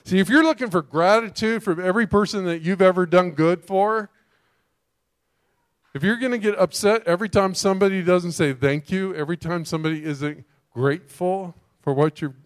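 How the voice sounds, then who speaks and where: A male pastor delivers a sermon in an animated, emphatic way, keeping his listeners engaged with rhetorical questions. His voice sits a little high for a man, and the recording is dry and close-miked. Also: normal speed, no echo.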